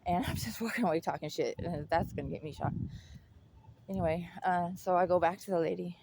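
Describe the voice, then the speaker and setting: A woman's voice: fairly low pitch, fairly quick, gravelly, noisy background. A young woman telling a personal story in casual chat, blunt and full of swearing, laughing often.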